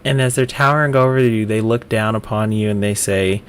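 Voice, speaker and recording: A man running a tabletop game as dungeon master, narrating in a halting way with frequent ums. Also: fairly low pitch, a little hiss or hum.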